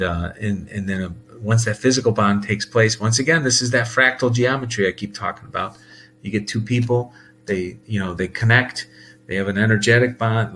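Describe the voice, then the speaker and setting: A man's voice: on the low side, fairly bright tone, slight background noise. A man talking casually in a rambling monologue, full of fillers, restarts and laughs. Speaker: host.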